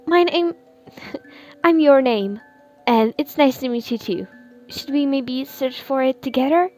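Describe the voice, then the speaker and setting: A woman voicing a cheerful, flustered teenage schoolgirl who talks in a squeaky, excited way, in a fan fiction reading. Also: normal speed, soft background music, natural voice.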